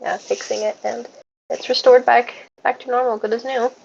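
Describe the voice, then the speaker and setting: A woman narrating as game master of a tabletop game, halting with many fillers. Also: on the high side, little pitch movement, vocal fry, darkish tone. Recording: dull lo-fi mic with faint noise.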